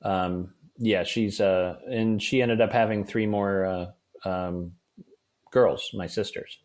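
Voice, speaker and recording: A man who is a guest author on a podcast, chatting casually and telling lively anecdotes. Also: fairly low pitch, slow pace. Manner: animated anecdotal storytelling.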